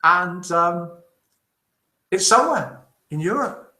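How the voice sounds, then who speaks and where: Bright, animated male host, chatty and cheerful, roomy echo. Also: high voice, takes it slowly. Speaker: host of a live daily broadcast. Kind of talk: casual live-stream chat, reading viewer comments.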